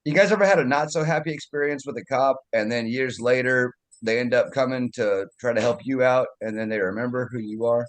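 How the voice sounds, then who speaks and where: A man on a video call chatting casually and asking relaxed, curious questions. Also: medium pitch, brisk, few pauses, no echo, rough recording. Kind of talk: casual chat.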